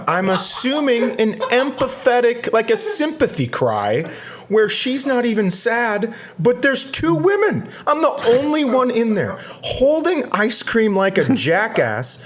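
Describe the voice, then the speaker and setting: A man co-hosting a podcast, telling a rambling comic story with self-mocking asides and deadpan punchlines. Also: high-pitched, slow.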